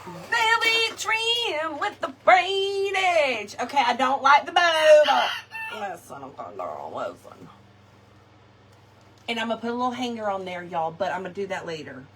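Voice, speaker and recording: A woman's voice: mid-range voice, sing-song, normal speed, a bit bright, slight background noise. A woman chatting to viewers while crafting live, laughing often and talking to her audience. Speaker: crafting vlogger. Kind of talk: casual live craft chat. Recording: distant mic with faint ambience.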